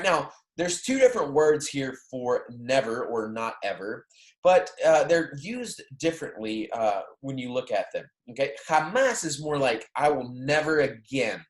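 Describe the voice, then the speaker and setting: A man with a Southern US accent explaining Spanish grammar in a relaxed classroom style, often checking in with his listeners. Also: medium pitch. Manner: casual, explanatory, checks in with "okay?" and "right?". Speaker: Spanish teacher. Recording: echoey room.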